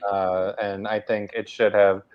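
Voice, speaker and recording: A man guesting on a casual podcast, talking in a slow, halting, thoughtful way. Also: fairly low pitch, flat delivery, smooth, highs cut off. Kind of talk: casual chat.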